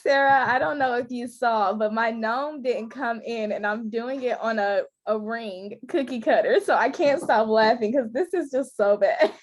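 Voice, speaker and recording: A woman's voice: a little high, moderate pace, few pauses. A woman student in an online class, laughing at herself while speaking a bit far from her mic on a video call.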